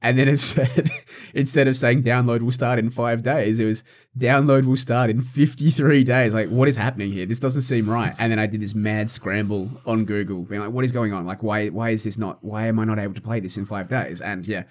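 A man's voice: on the low side, steady tone, brisk, hardly any pauses. A young man co-hosting a casual podcast, ranting in exasperation and peppering his talk with likes. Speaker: podcast co-host. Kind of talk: casual chat.

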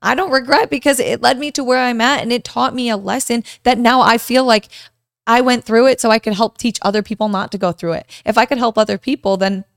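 A woman's voice: on the high side, fairly quick, gravelly, no room sound, studio quality. A young woman in her twenties co-hosting a couple's podcast, chatting casually and animatedly, telling stories with lots of "like". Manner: animated, storytelling with many "like"s. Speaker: podcast co-host.

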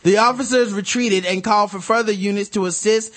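A man with a fairly high voice co-hosts a loose comedy podcast. He reads listener emails and news items aloud and keeps breaking off to joke and swear. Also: fairly even intonation, fairly quick, fairly bright tone. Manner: profane, joking, reads news aloud with riffs. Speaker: podcast co-host. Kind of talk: casual comedic chat, reading listener mail.

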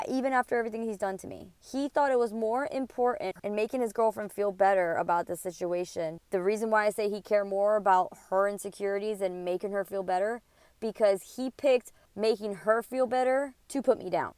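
A podcast host in her thirties tells a personal story, heated and rambling, with frequent swearing and an indignant, profane tone. Her medium-pitched voice is smooth, with no echo.

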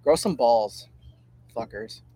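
A man's voice: medium pitch, slow pace, dark tone, a little hiss or hum. A man co-hosting a podcast, ranting bluntly and casually with plenty of swearing. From Michigan. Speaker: podcast co-host.

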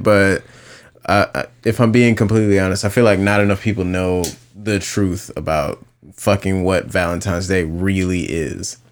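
A man co-hosting a podcast, joking and laughing often while telling a story in casual banter. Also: low voice. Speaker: podcast co-host.

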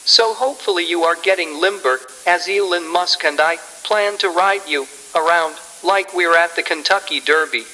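A man's voice: sits high, normal speed, few pauses, pushed and bright, in a large hall, poor audio. A man playing a smug, evil male billionaire in a crude comedy sketch impression, boasting with gleeful menace. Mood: gloating menace.

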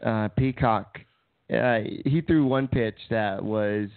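A man's voice: on the low side, slow, clear, resonant tone, no room sound. A man co-hosting a casual sports chat, hesitant with lots of fillers. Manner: hesitant, many fillers, relays news. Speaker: podcast co-host. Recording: tinny phone-like line, dry.

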